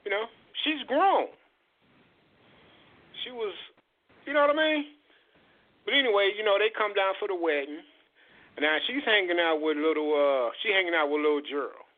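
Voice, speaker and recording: A man hosting a radio show, his voice lively and swinging up and down as he rants through a profane story. He sits a little high for a man. The sound is thin and phone-like. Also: normal speed, pauses often. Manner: animated, profane, heated storytelling. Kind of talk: casual storytelling chat. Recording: tinny phone-like radio audio.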